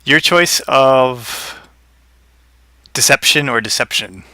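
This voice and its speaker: A man's voice: medium pitch, slow, bright, forceful tone, smooth, no room sound. A man running a tabletop game as game master, narrating and playfully teasing the players about their rolls.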